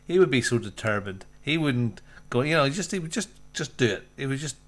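A man co-hosting a gaming podcast in casual chat, excitable and rambling. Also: medium pitch. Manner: excitable, rambling, quick to laugh. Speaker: podcast co-host.

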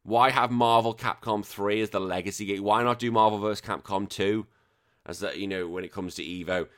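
A man's voice: lowish voice, steady tone, brisk, fairly bright tone. A man hosting a podcast, giving his opinions in a casual solo ranting commentary with lots of restarts. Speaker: podcast host.

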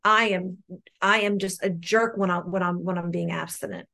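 A woman's voice: lowish voice, steady tone, normal speed, creaky, sharp tone. Middle-aged woman, New Jersey accent, candid and earnest, speaking on a video call. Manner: earnest, frank, repeats words as she goes. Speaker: meeting member sharing. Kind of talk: personal recovery share. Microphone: online meeting call.

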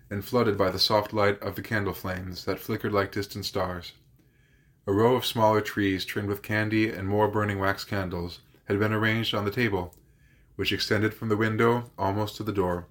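Lowish male voice reading a novel out loud, steady and measured, podcast host doing audiobook style. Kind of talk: audiobook narration.

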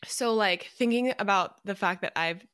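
A young woman co-hosting a podcast, talking about her own path in casual chat, candid and quick to laugh. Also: medium pitch, fairly bright tone, smooth, no room sound, studio quality. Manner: giggly, candid, rambling. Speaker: podcast co-host, interviewee.

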